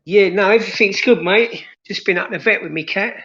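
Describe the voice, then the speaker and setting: A man's voice: high voice, a little fast, fairly bright tone. A man calling into a livestream, chatting casually in an easygoing way. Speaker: caller on a livestream. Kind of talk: casual chat. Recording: echoey, dull video call audio.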